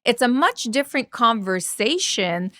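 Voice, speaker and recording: A middle-aged woman, a relationship coach, chatting casually on a podcast and retelling stories with lively quoted dialogue. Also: a little high, unhurried, slight background noise. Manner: storytelling, animated retellings of dialogue.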